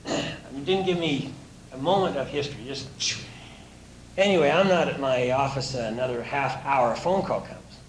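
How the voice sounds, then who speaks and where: A man speaks as a motivational coach, spinning folksy anecdotes at an even, middling pitch. He chuckles now and then as he tells his stories. The room sounds roomy and echoey, with a faint hiss underneath. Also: moderate pace. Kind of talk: anecdotal storytelling talk.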